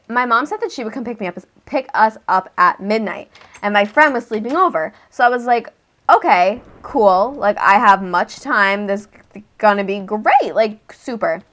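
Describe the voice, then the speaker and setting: A woman telling a rambling story over gameplay, packed with filler "like" and cursing, jumping between loud bursts and mumbled asides. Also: mid-range voice. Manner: rambling, lots of filler 'like', frequent cursing. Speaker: gaming channel host.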